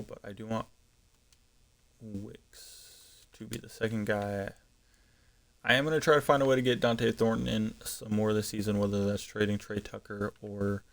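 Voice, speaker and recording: A man with a gravelly, slightly low voice talks casually through a live stream. He thinks out loud, pausing on ums and correcting himself as he goes. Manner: thinking aloud, frequent ums and self-corrections. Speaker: gaming streamer.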